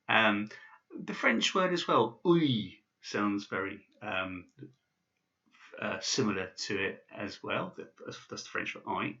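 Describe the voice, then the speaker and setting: A man's voice: lowish voice, animated, moderate pace, vocal fry, sharp tone, highs cut off. A man teaching basic pronunciation in a casual video lesson, with many fillers and restarts. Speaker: language teacher.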